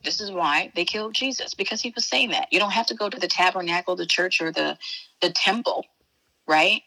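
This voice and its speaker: A woman's voice: lowish voice, fairly quick, bright, forceful tone, rough recording. A woman from Chicago, a spiritual teacher chatting as an interview guest in an emphatic, folksy way, calling the listener baby and honey. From Chicago, USA. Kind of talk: casual interview chat.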